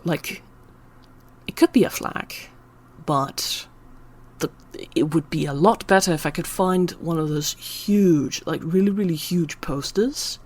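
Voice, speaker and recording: A woman's voice: medium pitch, a little mellow. A woman talking in an unscripted personal ramble, emotional and close to tears, sometimes dropping to a whisper. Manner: emotional, on the verge of tears, drops to whispers at times. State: teary. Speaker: channel host.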